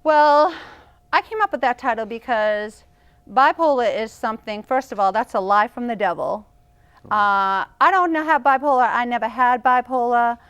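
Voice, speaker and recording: A woman's voice: fairly high pitch, normal speed, a bit bright, smooth, highs cut off. A woman with a Boston accent, a guest on a talk show, telling her story earnestly and emphatically. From Boston, Massachusetts. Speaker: guest, evangelist. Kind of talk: casual interview chat.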